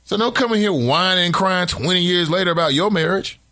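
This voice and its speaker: A man with a high, brisk voice hosts a talk radio show, reading out listener comments. He reacts with animated, emphatic, preachy rants delivered in a casual way.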